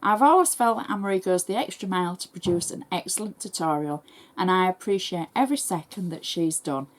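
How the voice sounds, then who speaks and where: English lady reading out fan messages on her craft channel, quick and chatty, says thanks a lot. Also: lowish voice, animated. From England. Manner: brisk, chatty, warmly thankful. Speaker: crafting tutorial host. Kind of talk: reading viewer messages aloud.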